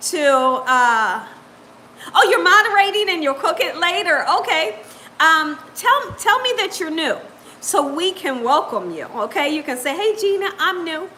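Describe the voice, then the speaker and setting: A woman's voice: extremely high pitch, expressive, measured pace, sharp tone, slight background noise. A woman hosting a live cooking stream, chatting upbeat with viewers, greeting them by name and laughing often. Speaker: cooking channel host.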